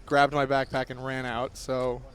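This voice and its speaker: A young man in his twenties, a guest on a poker stream, talking eagerly with many pauses and fillers. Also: medium pitch, completely flat delivery, fairly bright tone. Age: 20s. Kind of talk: casual interview chat.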